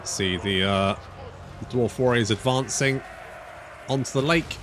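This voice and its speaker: A man's voice: mid-range voice, measured pace, noisy background. A man casually commenting on his strategy game as he plays. He thinks aloud, corrects himself as he goes and swears freely. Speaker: gaming YouTuber.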